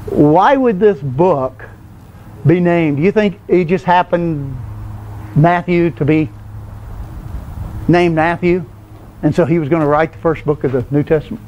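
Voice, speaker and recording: A man with a notably high, light voice leads an informal Bible class, wandering through his explanations in a relaxed, conversational way. He keeps turning to his listeners with questions, and a faint hiss sits under the recording. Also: unhurried, pauses often, lo-fi sound. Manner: loose, digressive explaining. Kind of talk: informal Bible study lecture.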